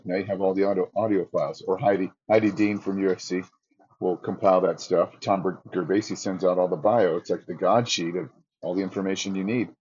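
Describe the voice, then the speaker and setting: Middle-aged guy, lowish voice, telling announcer stories all animated, bit of a muffled lo-fi sound. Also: breathy edge. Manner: animated storyteller, acts out his own quotes in a raised voice. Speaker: ring announcer, guest. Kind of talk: casual interview storytelling.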